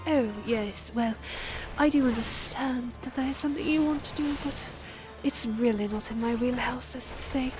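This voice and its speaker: A woman's voice: on the high side, moderate pace, over music, lightly acted, low-quality recording. A woman voicing a super-refined, prim aristocrat in a posh, affected manner.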